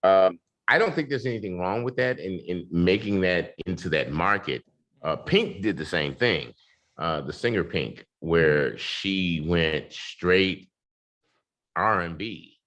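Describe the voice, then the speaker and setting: A man hosting an interview, talking in an animated, hyped way with lots of fillers over a video call. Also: low voice, measured pace. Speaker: podcast host. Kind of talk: casual interview talk.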